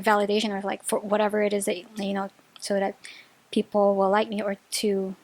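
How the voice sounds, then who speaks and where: High-voiced, gushing woman tarot reader. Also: no room sound. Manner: gushing and excitable, with bursts of high-pitched delight and laughter; chatty, full of filler words and restarts. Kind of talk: casual pick-a-card tarot reading.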